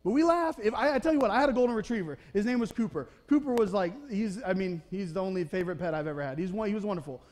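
A man preaching a sermon in a church with a bright, high-pitched voice. His talk is casual and conversational, and he keeps checking in with the congregation. He reads scripture and then riffs loosely on it. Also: lively intonation, very fast, hardly any pauses. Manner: conversational, checks in with "okay?" and "right?". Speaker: pastor.

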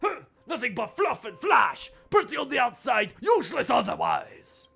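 A man voicing a jealous, pompous male bar customer in a game with a put-on accent, haughty and quick to flare up. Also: very high voice, wildly swooping pitch, pushed and bright, soft background music, pitched above the performer's own voice, full character voice. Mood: indignant. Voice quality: gravelly, breathy put-on accent.

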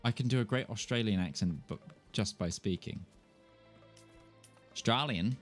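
A man's voice: fairly low pitch, a little fast, soft background music. A man giving casual, jokey gameplay commentary as he plays, chatting to himself and his viewers. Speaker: gaming streamer.

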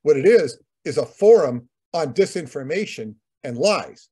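A man's voice: fairly high pitch, animated, measured pace, warm tone, breathy edge. A man co-hosting a talk, rambling in casual commentary, often repeating words and using fillers. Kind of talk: conversational commentary.

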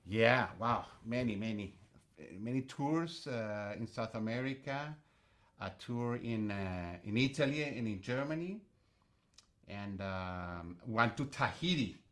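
Relaxed man, a pianist guest. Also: medium pitch, takes it slowly. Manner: relaxed, hesitant with fillers. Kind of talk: casual interview chat.

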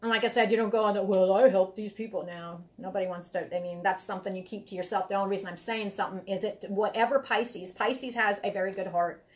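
A woman reads tarot live for her viewers. She talks in a rambling, heartfelt way, circling back and repeating her phrases. Her voice sits at an ordinary middle pitch. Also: fairly even intonation, fast talker, few pauses. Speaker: tarot reader. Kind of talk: live-streamed tarot reading.

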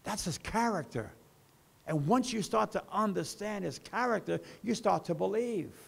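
Man pastor preaching, deep gravelly fry, husky voice, slow delivery. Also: animated. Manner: preaching with slow, rising and falling emphasis. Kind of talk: sermon.

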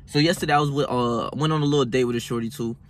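A man's voice: mid-range voice, steady tone, very fast, slight background noise. A young man in a casual motivational vlog monologue, talking in a slangy, swearing way with lots of restarts and fillers. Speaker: vlogger. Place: hot room.

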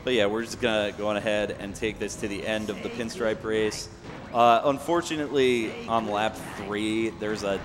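Low-voiced young man commentating a speedrun. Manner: relaxed, explanatory, many fillers. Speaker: speedrunner commentating his run. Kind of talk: casual live commentary. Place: event venue. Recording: long hall reverb, faint background noise.

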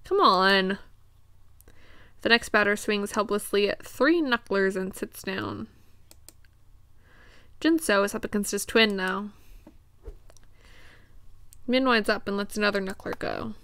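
Bright, crisp-voiced woman streamer. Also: mid-range voice, slow pace, long pauses, dry recording. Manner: crude, joking and casual. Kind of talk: reading a visual novel aloud on stream.

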